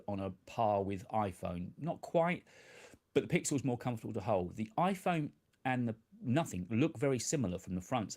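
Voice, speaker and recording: Chatty man, low voice. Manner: chatty and self-deprecating, laughs often, lively swings in pitch. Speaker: tech live-stream host. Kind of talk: casual live-stream chat. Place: home office desk.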